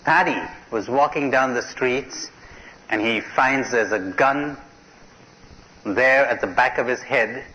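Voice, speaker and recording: A man's voice: mid-range voice, slow pace, bright, forceful tone, a little hiss or hum. A middle-aged man giving a live talk at a spiritual conference, asking his listeners questions and telling jokes. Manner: questioning, tells jokes to an audience. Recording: dull lo-fi cassette tape recording.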